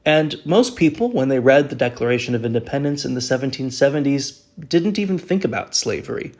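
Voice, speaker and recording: A man narrating a history podcast from a script. His pitch sits in the middle for a man, and his delivery is earnest and explanatory. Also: animated, fairly quick, darkish tone. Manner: earnest, explanatory, reads quotes aloud. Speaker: podcast host.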